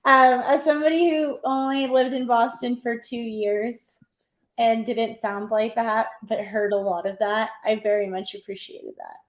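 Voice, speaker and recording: A woman's voice: a little high, expressive, a little slow, poor audio. A woman with a Valley Girl accent hosting a casual stream chat, enthusiastic and using upspeak.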